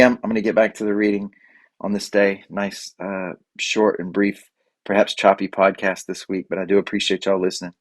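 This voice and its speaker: A man hosting a solo podcast, talking in a rambling, halting way with many restarts. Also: deep voice, no echo. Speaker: podcast host. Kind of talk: casual solo podcast monologue.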